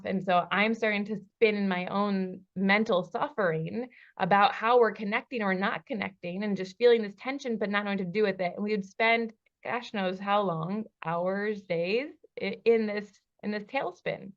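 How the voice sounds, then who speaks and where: A woman coach telling a lively personal story, acting out the dialogue in different voices and laughing often. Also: medium pitch, normal speed, few pauses, muffled recording. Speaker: relationship coach. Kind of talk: storytelling in a podcast interview. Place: lives in Bali.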